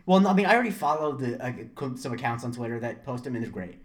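A man's voice: medium pitch, quick pace. Young male podcast co-host from Florida, casual rambling storyteller, mid-range voice. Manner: rambling, self-interrupting, animated storytelling. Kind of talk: casual chat.

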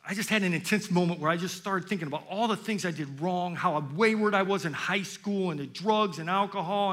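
An older man preaching a sermon in church, intense, swinging from loud exclamations to hushed, quiet passages. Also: sits high. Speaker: pastor.

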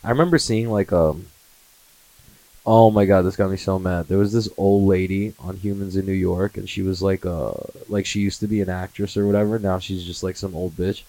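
A man's voice: low-pitched, steady tone, normal speed, warm tone, no room sound, poor audio. A man in his twenties on a casual comedy monologue, swearing a lot, laughing often and slipping into mocking impressions. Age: 20s. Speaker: comedy podcast host.

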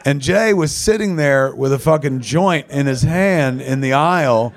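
A man's voice: medium pitch, expressive, measured pace. A man hosting a casual chat, telling rambling, profanity-laden stories about shooting a film. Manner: heavy swearing, rambling anecdotes. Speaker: filmmaker host.

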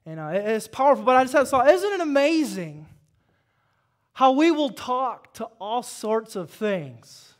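Male pastor with a high voice, mid-sermon. Talks casually, quizzes the congregation, and swings between quiet prayer and loud exhortation. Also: very animated, a little slow.

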